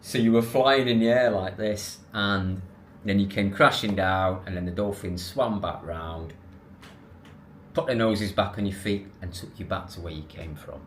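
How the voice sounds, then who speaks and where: A man tells a story to his camera, lively and rambling, doubling back on his words. His voice sits fairly low. A faint hum of background noise runs under the talk. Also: unhurried. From England. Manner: animated, rambling with restarts and self-corrections. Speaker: vlogger.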